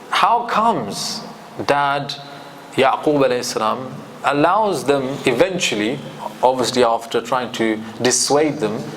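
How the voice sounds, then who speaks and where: A man teaching a scripture commentary lesson in a lively way, acting out quoted speech and reciting Arabic verses. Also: mid-range voice, a little hiss or hum.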